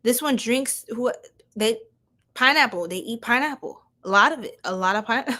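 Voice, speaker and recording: A woman's voice: on the high side, animated, normal speed, pushed and bright. A young woman doing a casual livestream tarot reading, giggling often and talking in loose slang to her viewers.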